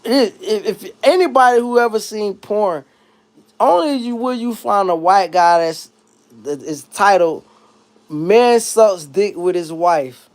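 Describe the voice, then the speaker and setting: This livestream host takes it slowly, reading chat messages and riffing in an expressive, casual comic rant. He veers between high, loud bursts and quiet muttering.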